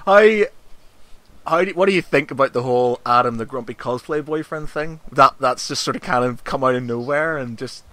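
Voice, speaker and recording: A man interviewing in casual chat, jokey, now and then jumping into squeaky high voices to act out scenes. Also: moderate pace, a bit bright, dry recording.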